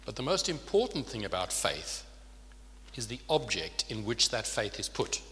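A man's voice: fairly low pitch, very animated, normal speed, a bit bright. A man preaching a sermon in an earnest way, often asking his listeners rhetorical questions. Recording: long reverb of a large hall.

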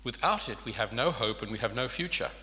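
In a large hall with long reverb, a man delivers an earnest sermon, frequently asking rhetorical questions. He speaks quickly in an expressive, mid-range voice with a sharp tone.

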